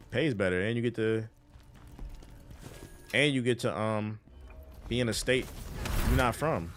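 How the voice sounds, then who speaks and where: A man with a Washington, D.C. accent chats casually while gaming on a stream, his voice on the low side. He's a livestreamer who uses loose, profane slang and responds to chat as he plays.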